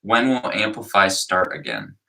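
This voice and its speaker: A young youth pastor with a very low but bright voice chats on a livestream. He talks in an easygoing, rambling way, stretching his thoughts out with fillers. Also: very animated, moderate pace, creaky, far from the mic. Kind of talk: casual livestream chat.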